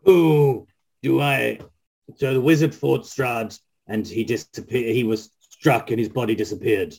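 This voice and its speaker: A man's voice: medium pitch, normal speed, darkish tone, slightly rough. A man playing a tabletop game with his game master, wry and joking. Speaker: player.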